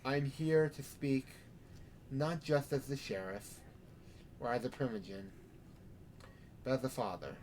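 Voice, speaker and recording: A man voicing a male vampire preacher and sheriff, delivering a grand, measured sermon in character. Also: mid-range voice, darkish tone, a little hiss or hum, close to an everyday voice. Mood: solemn.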